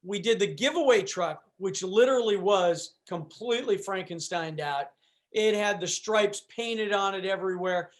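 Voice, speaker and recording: High-voiced man telling a rambling story. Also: normal speed. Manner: rambling, with restarts and "you know". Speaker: guest. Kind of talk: casual storytelling.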